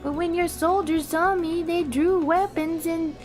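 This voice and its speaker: A woman voicing a frightened little kobold creature, squeaky and panicky, while reading game dialogue aloud. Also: fairly even intonation, a little slow, a little mellow, faint music behind. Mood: pleading. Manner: squeaky, panicky, repeats words.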